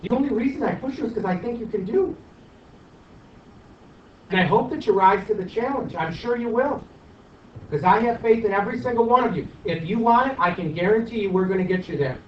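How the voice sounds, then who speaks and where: A male math teacher giving his class an animated, teasing pep talk and review, recorded in a classroom. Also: high voice, brisk, distant mic, a little hiss or hum. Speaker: high school math teacher. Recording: echoey dull classroom recording from afar.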